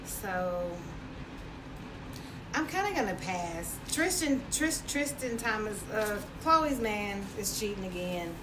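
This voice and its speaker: A woman co-hosting a podcast, chiming in with short, laid-back quips in casual chat. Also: mid-range voice. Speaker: podcast co-host. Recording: distant mic with noticeable noise.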